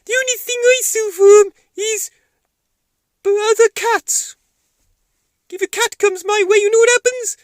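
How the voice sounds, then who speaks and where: Grippy, a man squeaking as a crude cat. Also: steady tone, measured pace, pauses often, no echo, clean studio sound. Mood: boastful. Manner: squeaky, strained, loud. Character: cheeky male cat puppet, grumbling and crude.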